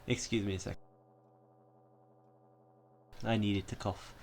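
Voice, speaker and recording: A man's voice: lowish voice, fairly even intonation, slow pace, vocal fry, long pauses. A young man giving playful gameplay commentary, mock-menacing and swearing often. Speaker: gaming YouTuber.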